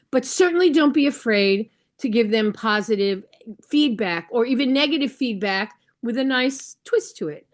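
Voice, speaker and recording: A woman coach training new judges over a video call, talking in a conversational, instructive way and often checking in with the listeners. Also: on the high side. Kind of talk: online training session.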